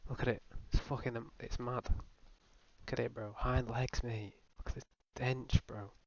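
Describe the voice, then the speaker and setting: A man's voice: mid-range voice, flat delivery, moderate pace, a little mellow, dry recording. A young man doing a profane, rambling, mock-serious comedic rant as a voice-over. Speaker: comedy video host. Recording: dull lo-fi voice-over with faint music.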